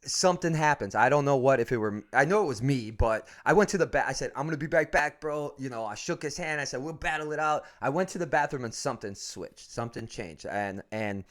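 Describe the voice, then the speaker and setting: A man's voice: mid-range voice, lively intonation, a little fast, hardly any pauses. A man who runs a fight school talks in a casual podcast chat, swearing freely, rambling through stories and laughing often. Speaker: MMA fight school owner, guest.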